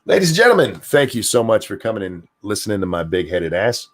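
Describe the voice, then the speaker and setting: Older guy hosting a stream, swears a lot, jumps all over in pitch. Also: fast talker. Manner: profane, animated, self-deprecating. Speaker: streamer hosting a talk show. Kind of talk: casual chat.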